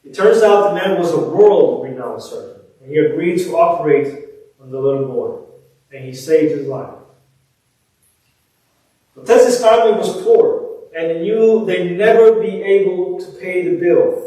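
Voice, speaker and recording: A man preaching a sermon, reading scripture and telling a story, rising with energy then dropping to quiet words. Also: sits high, measured pace, pauses often. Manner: animated, swells up then drops to soft near-whispers. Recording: echoey church room, distant mic.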